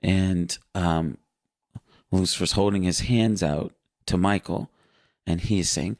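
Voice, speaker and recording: A man's voice: sits low, takes it slowly, vocal fry, pauses often, a little mellow, no echo, clean studio sound. A man earnestly recounting a vivid spiritual vision in casual spoken testimony. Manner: earnest, vivid storytelling with fillers.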